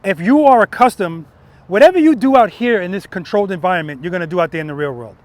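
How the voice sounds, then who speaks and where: A male motorcycle instructor speaking outdoors in a parking lot, with a fairly high voice. He coaches emphatically and repeats his main points. He often drops in a quick "right?" to check that his students are following. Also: animated, dry recording. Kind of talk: outdoor riding lesson.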